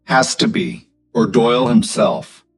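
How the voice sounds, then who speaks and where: A man voicing a protective mountain man in an audio story, speaking quietly and with control. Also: medium pitch, animated, a little slow, faint music behind, pitched above the performer's own voice, close to an everyday voice.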